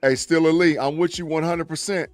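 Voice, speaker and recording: Excitable high-voiced man on a sports podcast. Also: fairly quick, over music. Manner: excitable, jokingly melodramatic. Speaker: podcast co-host. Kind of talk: casual sports chat.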